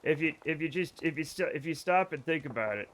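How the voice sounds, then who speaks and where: A man's voice: a little high, animated, brisk, a bit bright, slight background noise. A man streaming a video game live, chatting casually with viewers in a rambling, joking way and swearing freely. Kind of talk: casual let's-play chat with viewers.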